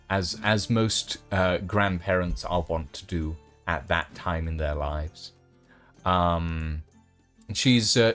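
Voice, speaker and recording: A man narrating a tabletop game as game master, unhurried and full of ums and uhs. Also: low voice, clean tone.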